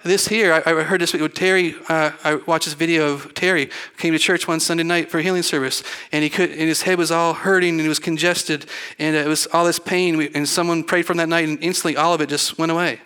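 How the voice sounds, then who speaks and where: This middle-aged pastor preaches fast with hardly any pauses, his fairly high voice flat in delivery yet bright, forceful, and smooth. He rambles through a folksy storytelling sermon in a church sanctuary, playing the parts of the people he quotes.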